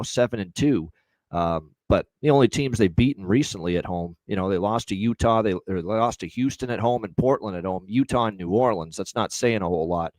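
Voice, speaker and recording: A low-voiced man walks through his betting picks in an unhurried, rambling way, packing his talk with filler phrases. The sound is dry, with no room echo. He turns brash and profane when he hypes the audience. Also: a little mellow. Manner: profane hype in sign-offs. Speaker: sports betting show co-host. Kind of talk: casual betting talk on a livestream.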